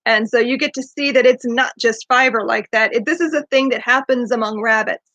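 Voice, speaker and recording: Woman host, casual book chat, higher voice, chatty and eager, dry dull lo-fi sound. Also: fairly quick, a bit bright, no room sound. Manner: chatty and eager, laughs often. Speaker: podcast host.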